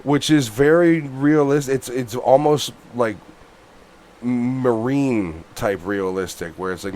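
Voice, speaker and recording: A man in a casual movie podcast chat, blunt and full of curses. His voice sits at an ordinary middle pitch, and he gets loud and animated when he rants. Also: slow pace, a little hiss or hum. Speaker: podcast co-host.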